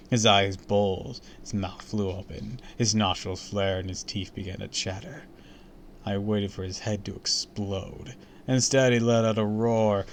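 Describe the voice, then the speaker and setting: A man's voice: lowish voice, little pitch movement, measured pace, a little hiss or hum. A man reading a horror story aloud on a stream, dramatic and dropping into whispers for suspense.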